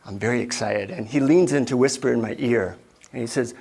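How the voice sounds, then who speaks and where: Gravelly man giving a motivational keynote. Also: mid-range voice, a little fast. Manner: storytelling with lively voiced asides. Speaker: keynote speaker. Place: stage before an audience.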